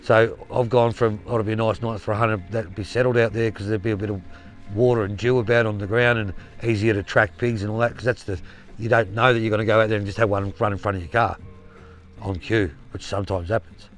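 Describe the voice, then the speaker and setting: A man's voice: on the low side, fairly even intonation, brisk, soft background music. An Australian man telling a rambling yarn in casual spoken style, blunt and swearing freely. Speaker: storyteller.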